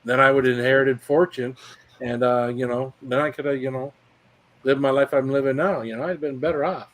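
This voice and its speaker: A man's voice: medium pitch, fairly even intonation, fairly quick, a bit bright, poor audio. A man chatting casually with friends, rambling with many fillers. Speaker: chat guest. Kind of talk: casual chat.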